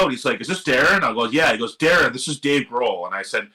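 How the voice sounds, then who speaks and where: A middle-aged man from Seattle, a guest musician telling a long story in a casual, animated interview, swearing now and then and acting out what other people said. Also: mid-range voice, quick pace, poor audio. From Seattle area. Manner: animated, swearing, quotes others in lively voices. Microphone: live stream microphone.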